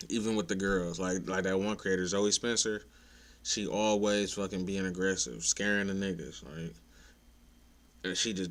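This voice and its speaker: This young content creator, deep-voiced and steady in tone, rants to his viewers at normal speed. His fairly bright delivery is laid-back, blunt and profane, and at times he grows exasperated while sharing his opinions.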